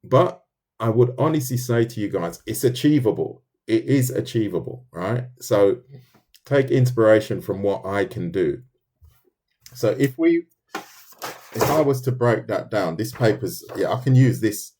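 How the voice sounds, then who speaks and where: A man's voice: lowish voice, animated, unhurried, warm tone, a little hiss or hum. A man with a London accent, chatting casually on a live stream as he draws, reading and answering viewer comments, thinking aloud with loose restarts. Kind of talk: casual live-stream chat while drawing.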